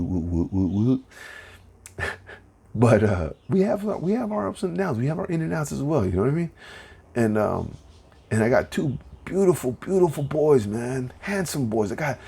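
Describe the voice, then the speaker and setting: Gravelly earnest man on a podcast. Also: medium pitch, mellow. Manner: earnest, repeats words when starting sentences. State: emotional, near tears. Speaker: podcast host. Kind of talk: heartfelt solo podcast rambling.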